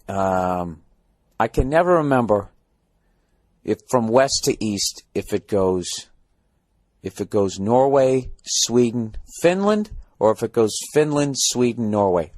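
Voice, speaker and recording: A man's voice: lowish voice, darkish tone, no room sound. An American man hosting a podcast in a hotel room, ranting in a sarcastic, profane comedic monologue. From United States. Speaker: podcast host.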